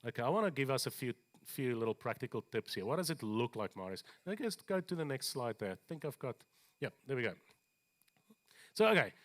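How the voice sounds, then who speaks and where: A man preaching a sermon in a church, animated, with joking asides and slower scripture readings. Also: mid-range voice. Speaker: pastor.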